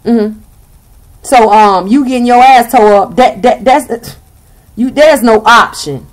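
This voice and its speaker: A woman's voice: fairly high pitch, slow. A young woman with a Southern US accent giving a blunt, sassy tarot reading and swearing freely. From Southern United States. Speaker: tarot reader.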